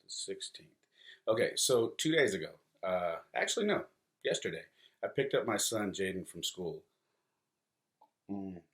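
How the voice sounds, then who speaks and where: A man's voice: sits low, sing-song, unhurried, pauses often, fairly bright tone. A man in his forties from California, hosting a solo podcast and talking in a rambling, conversational way with many fillers and restarts. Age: 40s. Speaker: podcast host. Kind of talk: casual solo podcast monologue.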